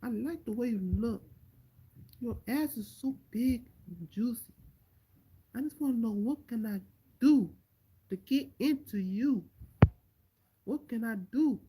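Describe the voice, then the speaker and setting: A man's voice: very high voice, unhurried, pauses often, mellow, a little hiss or hum, voice pushed up, poor audio. A man voicing an impression of an aging male MMA fighter, speaking plaintive, repetitive broken English. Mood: flirty.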